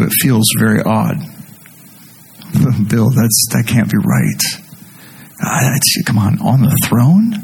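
Husky-voiced man preaching a sermon. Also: medium pitch, rough recording. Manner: conversational, animated storytelling with rising intensity; reads scripture slowly and deliberately.

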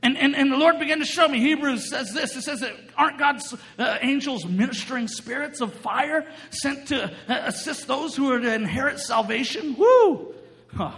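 A man preaching with a very high, bright, ringing voice that carries through a big hall with long reverb. He tells his story with energy, laughs often and breaks into shouts as he plays out the voices in it. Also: normal speed, creaky, hardly any pauses. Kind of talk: sermon with storytelling.

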